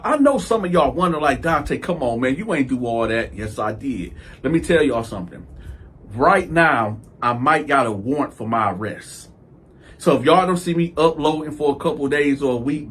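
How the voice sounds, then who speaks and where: A man telling a story for his video channel, animated and profane, stammering through repeats and acting out what others said. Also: mid-range voice, husky. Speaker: YouTube storyteller.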